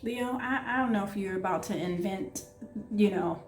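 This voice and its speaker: A woman giving an excitable, gushing tarot reading, talking straight to her viewers. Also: mid-range voice, normal speed, echoey room, faint music behind. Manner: excitable, gushing, breathless asides. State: out of breath. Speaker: tarot reader.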